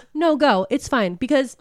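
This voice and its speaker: A woman's voice: high voice, expressive, unhurried, no room sound, studio quality, voice pushed up. A woman voicing a ruthless, callous woman who feeds people to a monster, speaking bluntly, crudely and dismissively.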